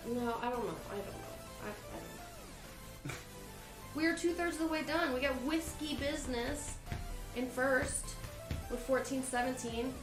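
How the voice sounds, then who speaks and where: Woman, trivia host, casual livestream chat, giggly, higher voice, roomy echo. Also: unhurried. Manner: giggly, laughs often while reading questions. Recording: roomy echo with faint music.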